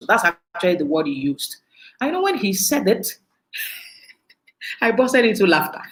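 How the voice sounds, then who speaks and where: A Nigerian woman giving a storytelling talk on emotional intelligence, animated and laughing often. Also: on the high side, reverberant, rough recording.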